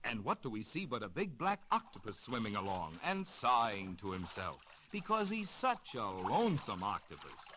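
A man narrating a children's story in an expressive storybook manner. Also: on the low side, normal speed, hardly any pauses, background noise. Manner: animated, expressive storybook reading.

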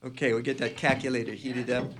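A man hosting a lively radio game show from a small studio, bantering and joking with the players. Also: medium pitch, fast, crowd noise. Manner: jokey, animated quizmaster. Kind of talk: playful live radio banter.

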